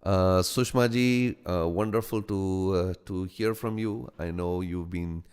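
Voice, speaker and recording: A man with a blended American and Indian accent speaks in a low, smooth, resonant voice, greeting his live-stream audience by name. His delivery is unhurried and full of ums and small restarts, and a long reverberant tail trails every phrase in his studio. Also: fairly even intonation. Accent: American-Indian mix. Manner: halting, frequent ums and restarts, greets each viewer warmly by name. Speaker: host of a live meditation stream. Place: home studio.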